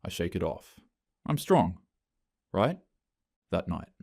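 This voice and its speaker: A man's voice: deep voice, very animated, slow pace, vocal fry, a little mellow, slightly rough, no echo. A man narrating a scripted first-person story in short, dry, clipped phrases.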